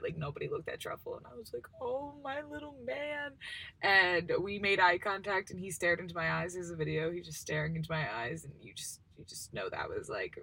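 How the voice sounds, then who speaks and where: Chatty young woman with a gravelly voice. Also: on the low side, sharp tone. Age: 20s. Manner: chatty, rambling, lots of "like" and "um". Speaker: podcast host. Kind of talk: casual solo chat.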